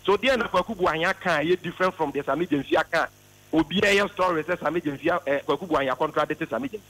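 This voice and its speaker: A man's voice: fairly high pitch, racing, a bit bright, low-quality recording. A Ghanaian man arguing a political point on a radio call, emphatic and repeating words for stress. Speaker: party spokesman on a radio phone-in. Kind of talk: impassioned political argument.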